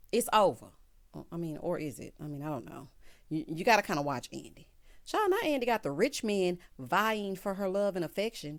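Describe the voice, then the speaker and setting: Woman vlogger, mid-range voice, sassy recap delivery with a lot of pitch swing. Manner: sassy, animated asides. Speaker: TV show recap reviewer. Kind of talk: casual recap commentary.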